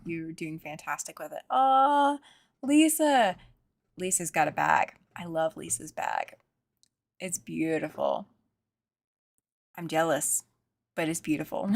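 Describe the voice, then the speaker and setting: Gravelly and lowish, this woman's voice comes through a dry, studio-quality recording. As host of a livestream show-and-tell, she reads viewers' comments aloud and exclaims with delight over their sewing and embroidery.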